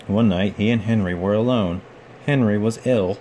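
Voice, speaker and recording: A man with a fairly low voice reads a children's picture book aloud. His storytelling stays gentle and measured, with a faint hum in the background.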